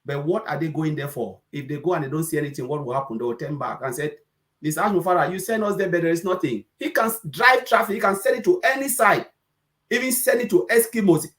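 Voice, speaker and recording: A man's voice: on the high side, lively intonation, fast, fairly bright tone. A man giving an emphatic, preachy, repetitive motivational talk on a webinar, now and then acting out customers' voices. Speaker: presenter.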